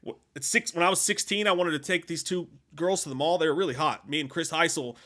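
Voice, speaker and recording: A man in casual chat, rambling through profane anecdotes. His voice is bright and forceful, and it sits slightly high. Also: quick pace. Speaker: podcast co-host.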